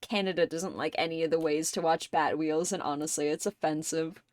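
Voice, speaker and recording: A woman hosting a livestream in casual chat, rambling and excitable, and swearing often. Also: deep voice, brisk, no echo. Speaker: livestream host. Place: home streaming setup.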